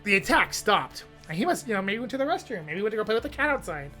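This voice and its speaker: A woman reads a visual novel aloud on her stream, her bright voice leaping all over the scale. She keeps slipping into playful asides and jokes between passages. Soft music runs faintly underneath. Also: mid-range voice, fast talker. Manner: animated, breaks off with laughs and asides. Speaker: streamer and narrator.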